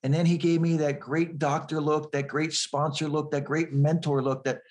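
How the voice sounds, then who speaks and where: Earnest man telling a story, higher voice. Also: little pitch movement, moderate pace, a little mellow. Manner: earnest, repeats words while building up a story. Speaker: guest.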